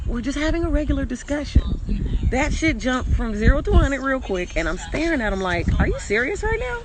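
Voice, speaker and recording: A woman's voice: high-pitched, expressive, fairly quick. A woman telling a candid, slangy story in a casual vlog while walking up a hill, recorded on a phone outdoors. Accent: Caribbean American English. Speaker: vlogger. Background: street and vehicle noise.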